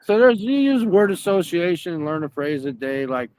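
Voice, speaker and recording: A man's voice: on the high side, normal speed, hardly any pauses, a little mellow, clear, resonant tone, no echo. A man hosting a stream, telling rambling, profane stories in casual chat. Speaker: stream host.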